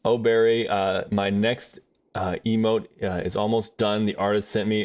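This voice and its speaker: A man's voice: fairly low pitch, level tone, a little slow, a little mellow. A man chatting casually on a livestream while drawing, rambling in a friendly way with many fillers and restarts.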